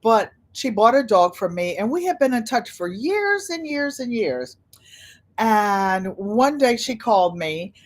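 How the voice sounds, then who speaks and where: An older woman hosting a casual livestream, chatting and telling stories with animated quoted voices. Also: a little high, a little slow. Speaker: channel host.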